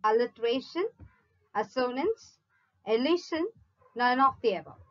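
A woman teacher slowly reading out multiple-choice questions, listing each option before giving the answer. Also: on the high side, animated, lo-fi sound. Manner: measured, reads each option in a list then gives the answer. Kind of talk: slow read-out quiz lesson.

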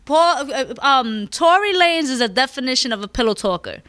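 A woman podcast host ranting with emphatic, profane opinions in loose, casual chat. Her voice sits on the higher side and sounds close and dry, with no room around it. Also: lively intonation, normal speed, few pauses, pushed and bright, dry recording. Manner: emphatic, profane, repeats "you understand?".

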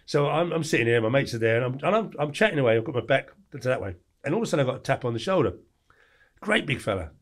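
Brief: English man, 40s, interview guest, rapid, blunt storyteller, mid-pitched. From England. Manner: blunt, animated storyteller who acts out quoted lines. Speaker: podcast guest.

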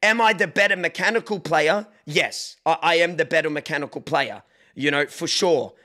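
A young man streams from home on a desk microphone. His voice is bright and sits somewhat high. He chats casually, jokes with chat and breaks into playful shouts. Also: normal speed. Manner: animated, joking, bursts of mock shouting. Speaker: livestreamer.

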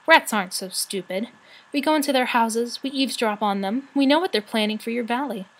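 A woman voicing a sharp-tongued female rat in a storybook reading, scolding and shrill. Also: a little fast, lightly acted, low-quality recording. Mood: shrill, cross.

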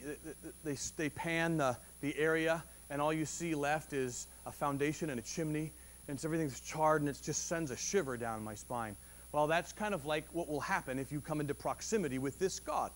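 Animated, high-voiced preacher man. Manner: animated and conversational, with frequent restarts and rising emphasis. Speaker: pastor. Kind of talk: Sunday sermon. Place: church service.

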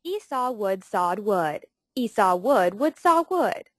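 A woman reading tongue-twister voice exercises with crisp, deliberate enunciation. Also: mid-range voice, very animated, dry recording.

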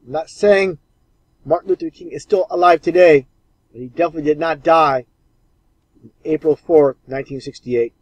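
Scornful man with a slightly high voice. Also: normal speed, long pauses, darkish tone, no room sound, poor audio. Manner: scornful, insistent. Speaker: commentator. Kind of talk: commentary over archive clips.

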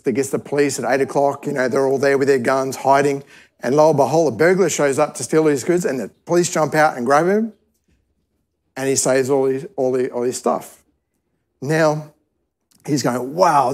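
A man teaching at a church service in a middle-pitched voice. He tells a parable in a loose, conversational style and often stops to restart a sentence as he goes. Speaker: preacher. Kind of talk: sermon teaching.

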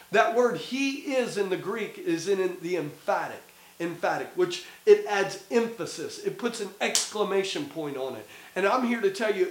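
A man with a Midwestern American accent teaches scripture in a short video, his voice sitting high. He hammers his points by repeating words emphatically. The sound carries the echo of a roomy space. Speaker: pastor.

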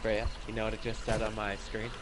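A man streaming a game with friends, excitable and given to loud outbursts. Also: fairly low pitch, fairly quick, noisy background. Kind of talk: casual chat.

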